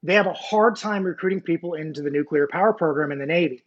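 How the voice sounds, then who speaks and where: A man's voice: fairly high pitch, fast. A man in his forties, a former Navy nuclear technician, telling his story in a casual interview, rambling with many fillers and restarts and joking about being a nerd. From United States. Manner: nerdy, self-deprecating. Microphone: video call. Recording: muffled video call audio.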